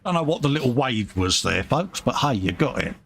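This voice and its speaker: A British man hosting a relaxed live stream, chatting casually and calling everyone mate. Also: medium pitch, brisk, noisy background. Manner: chatty, calls people mate. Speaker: host of live modelling stream. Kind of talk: casual chat.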